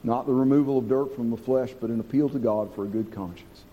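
A man preaching a sermon to a congregation, earnest, slowing down and dropping low to stress key points. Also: long reverb tail, phone-quality sound. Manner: earnest, slows and drops low for emphasis.

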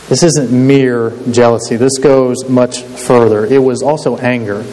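A man's voice: mid-range voice, fairly even intonation, unhurried, hardly any pauses, mellow. A man preaching a sermon in a conversational way, often asking his listeners to agree. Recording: long hall reverb with faint hiss.

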